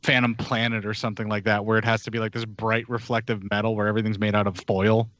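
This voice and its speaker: A man's voice: on the low side, little pitch movement, quick pace, a bit bright, dry recording. A man on a podcast making dry wisecracks and old-film references in casual chat. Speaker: podcast co-host. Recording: dry, slightly dull sound.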